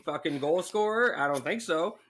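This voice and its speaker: Podcast co-host, young man, bright tense voice, profane and animated. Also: fairly high pitch, moderate pace, slight background noise. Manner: profane, animated, laughs a lot. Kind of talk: casual chat.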